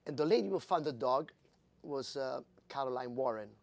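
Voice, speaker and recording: A man in his fifties from Italy, a jockey telling stories in an interview, animated and laughing, acting out quoted voices. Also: mid-range voice, moderate pace, creaky. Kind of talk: storytelling in an interview.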